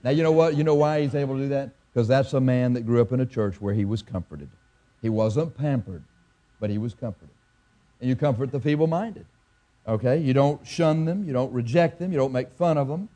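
A man preaching a sermon as a pastor, telling a story and pressing his point with emphatic repetition and halting restarts. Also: medium pitch, mellow.

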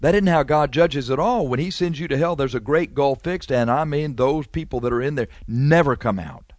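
A man preaching a fiery sermon, scolding and emphatic, rushing through some lines and slowing hard on others. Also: medium pitch, dry recording. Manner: emphatic, scolding, swings from rapid to slow.

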